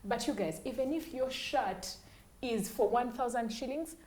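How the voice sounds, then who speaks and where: A woman's voice: fairly high pitch, unhurried, darkish tone. A woman co-hosting a podcast, giving emphatic advice and repeating her key phrases. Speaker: podcast co-host. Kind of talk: casual chat. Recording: roomy echo.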